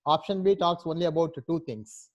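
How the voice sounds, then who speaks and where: A man's voice: on the high side, fairly quick, muffled recording. A man, teaching a class. He explains patiently and step by step. He keeps checking in with his students by asking "right?". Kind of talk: online class instruction.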